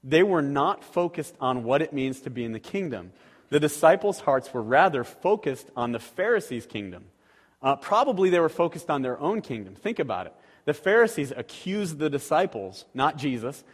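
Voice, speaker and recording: A man's voice: fairly high pitch, sing-song, normal speed, husky. A man preaching a sermon as a pastor, talking conversationally with rhetorical questions to the congregation. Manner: acts out quoted voices animatedly. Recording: long reverb of a large hall.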